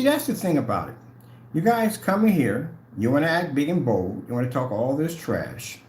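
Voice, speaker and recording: A man on a livestream rant, taunting and confrontational, hammering viewers with the same questions again and again. His pitch jumps around a lot, swinging from low mutters to high, pointed jabs. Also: darkish tone, slight background noise. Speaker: channel host.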